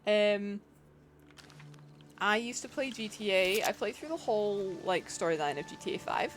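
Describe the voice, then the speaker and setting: A woman's voice: mid-range voice, animated, normal speed, soft background music. A woman streaming a video game, chatting casually, reacting to the game and greeting viewers in a playful, self-deprecating way. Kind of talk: casual gameplay commentary.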